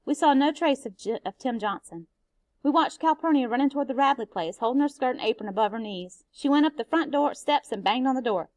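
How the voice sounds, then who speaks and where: A woman's voice: high-pitched, animated, a little fast, a little mellow, dry recording. Woman reading a novel aloud. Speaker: teacher.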